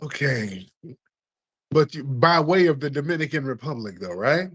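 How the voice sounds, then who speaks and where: A man runs a relaxed call-in show and ribs his callers in slangy, casual talk, often breaking into laughter. His voice sits at a middle pitch. The sound is close and dry. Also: normal speed, breathy edge, no echo.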